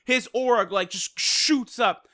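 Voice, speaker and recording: A video reviewer excitedly recapping an anime episode, swearing freely and filling with "like" and "you know". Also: medium pitch, unhurried, dry recording, clean studio sound. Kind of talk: casual recap and commentary.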